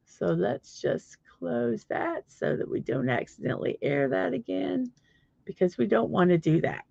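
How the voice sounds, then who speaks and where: A woman's voice: mid-range voice, very animated, unhurried, gravelly, a little mellow, husky, dry recording, muffled recording. A middle-aged woman hosting a casual livestream, chatting in a rambling way with many fillers while she searches for things on her computer. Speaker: livestream host.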